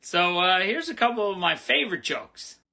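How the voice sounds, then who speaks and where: A man records a casual, joke-filled greeting from his room at home. His voice is gravelly and very bright, a touch higher than most men's, and he fills his talk with easy "uh"s. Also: sing-song, normal speed. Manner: chatty, joking, with many fillers. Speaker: well-wisher telling jokes.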